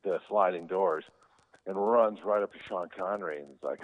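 A man's voice: deep voice, normal speed. A man, an actor, telling easygoing, rambling anecdotes as an interview guest, with many fillers. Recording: tinny phone-like sound.

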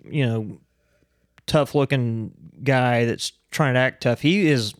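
A man's voice: medium pitch, slow pace, clean tone, no echo, studio quality. A man co-hosting a casual chat over beers, rambling and laughing at himself as he acts out angry voices in his stories. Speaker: podcast co-host.

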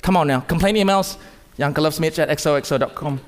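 High-voiced preacher in a reverberant hall. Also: male voice, fast. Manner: preaching with sudden rises and quiet drops. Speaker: pastor. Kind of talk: sermon. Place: church hall.

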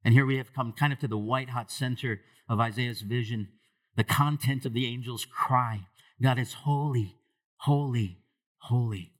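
A man preaching a sermon as pastor to a church congregation, asking them questions and moving between hushed low lines and raised loud ones. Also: fairly even intonation, moderate pace.

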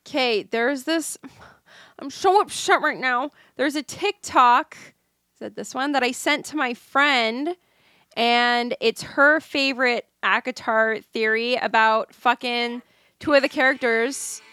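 A young woman co-hosting a podcast, chatting excitedly about fantasy book theories with lots of fillers. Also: on the high side, takes it slowly, no echo. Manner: excited, rambling fan talk with fillers. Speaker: podcast co-host. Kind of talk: casual chat.

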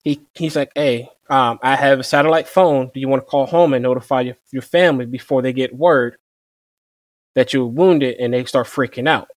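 A young man who served as a Marine, telling his story in a relaxed, conversational way and quoting people with "I'm like.". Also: mid-range voice, normal speed, no echo, clean studio sound. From Virginia. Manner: relaxed, repeats "I'm like" to quote himself. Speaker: interview guest, former Marine machine gunner.

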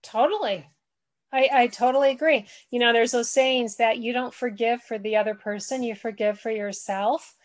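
A woman's voice: on the high side, steady tone, moderate pace, no echo. A woman hosting a podcast, talking earnestly in a rambling, conversational way. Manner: earnest, rambling, backs up and restarts. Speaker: podcast host.

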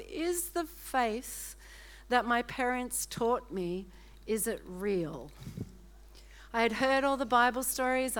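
A woman's voice: on the high side, bright, forceful tone. A middle-aged woman with an Australian accent, giving a chatty, self-mocking sermon testimony and laughing often. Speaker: preacher.

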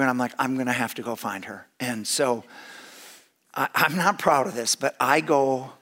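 Middle-aged man, somewhat high voice, animated storyteller, swings loud and soft, restarts phrases. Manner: animated, with big swings in pitch and loudness; repeats and restarts phrases as he talks. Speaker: speaker telling a story to a gathered audience. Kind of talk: storytelling talk with humor.

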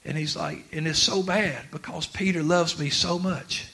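A preacher man with a drawl and a bright, forceful voice set a little high. He moves from low, confiding talk to loud, laughing shouts. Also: fairly even intonation, moderate pace, vocal fry. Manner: swings from quiet to shouting, laughing through lines. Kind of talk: sermon.

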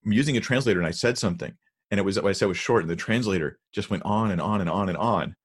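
This man's voice is lowish and husky. He's in a podcast conversation, discussing Bible translations with earnest emphasis and slowly reading verses aloud.

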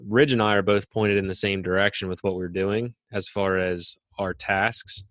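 A man's voice: sits low, steady tone, moderate pace, fairly bright tone, dry recording. A man co-hosting a podcast, speaking casually and hesitantly with many fillers. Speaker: podcast co-host.

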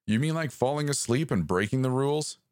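A man voicing a creature calling over the radio, pleading at first and then taunting and menacing, with a raspy edge. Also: medium pitch, lively intonation, fairly quick, darkish tone, no echo, studio quality, pitched above the performer's own voice, natural voice.

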